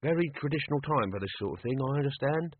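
Old grumbly servant guy, man reading, dry and husky, sounds like a phone. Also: mid-range voice, expressive, fast, voice pushed up. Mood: wry, wary. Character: Albert, old male servant, dry and wary. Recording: tinny phone-like audio.

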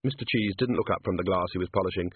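A man reading a story aloud as scripted narration, dry and even. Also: deep voice, rapid-fire, slightly rough, dry recording. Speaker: audiobook reader. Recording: dry, tinny phone-like sound.

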